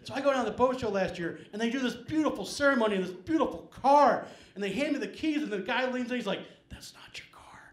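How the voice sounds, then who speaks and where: With a very high, animated voice, this middle-aged comedian races through his live set in a small venue with hardly a pause. His rambling, self-mocking patter is littered with "man" and "um."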